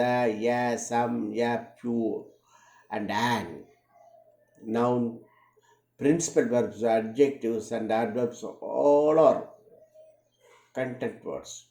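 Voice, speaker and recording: A man giving a read-aloud lecture, measured, repeating words slowly to show their stress. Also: medium pitch, mellow. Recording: roomy echo.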